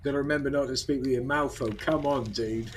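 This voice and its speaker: A man's voice: medium pitch, steady tone, a little fast, background noise. An older man, chatting casually and rambling while commenting on a game he is playing. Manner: chatty, rambling, says "mate" often. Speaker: gaming channel host.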